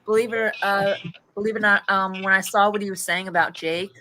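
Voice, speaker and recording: A woman's voice: medium pitch, steady tone, fairly quick, sharp tone, a little hiss or hum. A woman joining a livestream in casual chat, friendly and hesitant with fillers. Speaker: stream guest.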